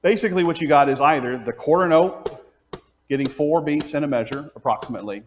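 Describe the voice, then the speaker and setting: A man teaches song leading at an unhurried pace, walking through each step and breaking into sung pitch syllables and counted beats. His speaking voice sits a little high for a man. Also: expressive. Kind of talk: hands-on music class teaching.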